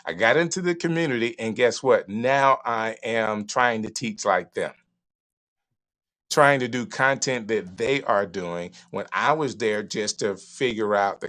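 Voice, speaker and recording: A middle-aged man with a Southern US accent, hosting a live stream from his studio and giving emphatic, animated advice. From Southern United States. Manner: animated, emphatic, varying pitch and pace. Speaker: live streaming show host. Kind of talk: casual advice talk to a live audience.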